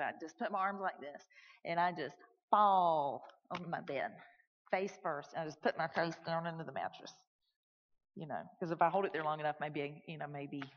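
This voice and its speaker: Woman preaching in an echoey hall. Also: fairly low pitch. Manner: animated, swings from loud to hushed. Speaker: preacher telling a personal story. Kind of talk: sermon storytelling. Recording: echoey hall, dull lo-fi sound.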